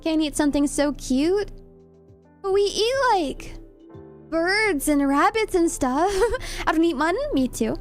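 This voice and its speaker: Young female streamer, high bright voice, casual and giggly chat with viewers. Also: expressive, a little slow, pauses often, faint music behind. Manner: giggly, chatty, reads chat aloud.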